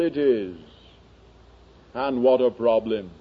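A man preaching a sermon in slow, dramatic oratory that builds to emphatic peaks. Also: a little high, lively intonation, breathy edge, highs cut off.

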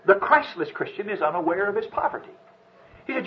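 A male preacher tells a story in an earnest, dramatic sermon. His voice rises and falls in lively swings and sits a little high. The old recording sounds dull and lo-fi. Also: quick pace.

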